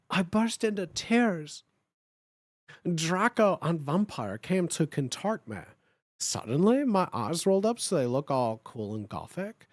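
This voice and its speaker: A streamer host giving a comedic dramatic reading of fan fiction, with animated, swearing asides. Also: medium pitch, a little slow, dry recording, clean studio sound.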